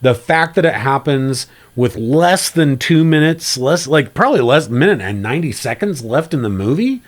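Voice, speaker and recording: A man co-hosting a film podcast, chatting casually with animated asides. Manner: animated, bouncing pitch, quick asides.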